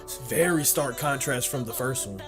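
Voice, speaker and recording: A man hosting an anime reaction video, talking casually and excitedly, swearing and restarting his sentences often, with faint music behind him. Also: medium pitch, normal speed. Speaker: anime reaction channel host.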